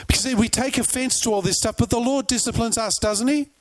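A man preaching with a high, bright-sitting voice. He tells stories with animation and keeps firing questions at his listeners. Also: fast, hardly any pauses. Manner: animated storyteller, asks the crowd questions. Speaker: pastor. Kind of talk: sermon.

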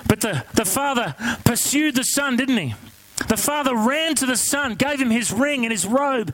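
A man preaching a sermon, telling a story in an animated, conversational way and asking the congregation questions. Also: very high-pitched, moderate pace, no room sound, poor audio.

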